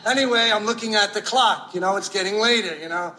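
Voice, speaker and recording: Middle-aged guy telling a family story, lots of you know, wry, kinda high bright voice. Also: a little fast, rough recording. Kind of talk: personal storytelling monologue.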